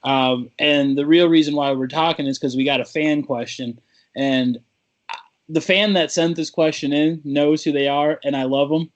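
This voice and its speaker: A man's voice: on the high side, fairly even intonation, normal speed, highs cut off. A man co-hosting a casual talk show, trading playful insults with his partner. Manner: playful trash-talking banter. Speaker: podcast co-host. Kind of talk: casual chat.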